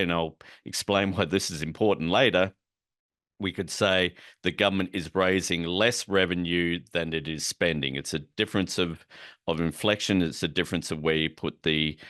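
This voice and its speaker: A man with a low, smooth voice walks listeners through an economic policy lesson in a relaxed, conversational way. He explains terms as he goes and drops in wry asides. The sound is close and dry, with no room echo. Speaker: policy educator. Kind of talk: recorded explanatory lecture.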